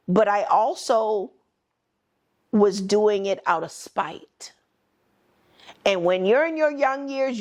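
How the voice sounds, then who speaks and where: A woman's voice: medium pitch, creaky. A middle-aged woman hosting a podcast, telling a personal story in a blunt, emphatic and candid way. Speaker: podcast host.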